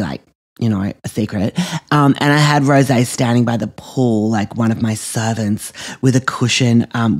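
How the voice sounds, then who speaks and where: A man's voice: medium pitch, a little mellow, natural voice. A man voicing a vain, dramatic, self-obsessed young woman, rambling through a story packed with "like" and "um". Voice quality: filler-heavy, constant "like" and "um". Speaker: comedy podcast character. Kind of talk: scripted comic monologue.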